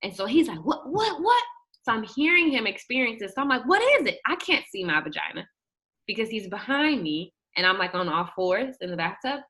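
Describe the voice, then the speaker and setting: A young woman telling a personal story in an animated way, acting out the quotes and shrieking at the high points. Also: brisk. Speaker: guest telling her birth story.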